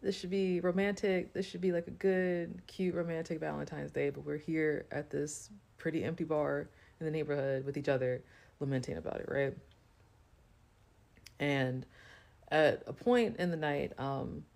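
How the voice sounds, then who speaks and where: A woman's voice: deep voice, level tone, moderate pace, creaky, darkish tone. A woman telling a personal story to camera in a loose, chatty way, full of fillers. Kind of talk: casual storytime monologue.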